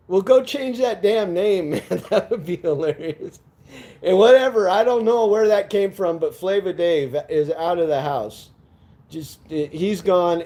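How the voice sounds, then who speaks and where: Raspy-free, mellow-voiced joking male streamer. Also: on the high side. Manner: rambling, laughing, profane. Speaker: live-stream vlogger. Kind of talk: casual live-stream chat.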